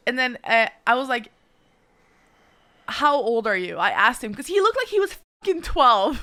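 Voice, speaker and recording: High bright-voiced woman telling a story. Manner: animated, profane, laughs often. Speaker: streamer. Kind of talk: casual storytelling chat.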